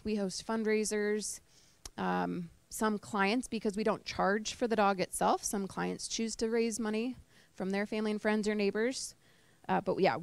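A woman speaks to a small audience in a relaxed, chatty way, full of fillers and quick asides. Her voice sits in a middling register, and the sound is dry and close. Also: medium pitch, no room sound. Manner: chatty, emotional, with fillers and laughter. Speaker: service dog trainer giving a talk. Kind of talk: informal presentation to a live group. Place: indoor talk to a small audience.

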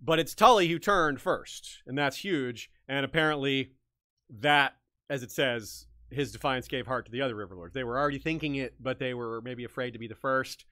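A man talks through history in a loose, thinking-aloud way, restarting sentences as ideas come to him. His voice is bright and forward, recorded very dry and close. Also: mid-range voice, normal speed, dry recording. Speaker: podcast host. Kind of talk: casual history discussion.

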